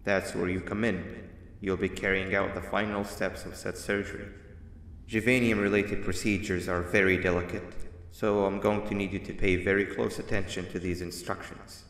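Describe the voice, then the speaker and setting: An actor playing a calm male instructor giving measured, serious directions over a speaker in a game. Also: sits low. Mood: calm, instructive. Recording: roomy echo with long reverb.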